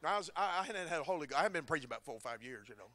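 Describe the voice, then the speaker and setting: A man, preaching a sermon as a folksy story with dry humor, rising at times to shouting. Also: on the high side, lively intonation, rapid-fire.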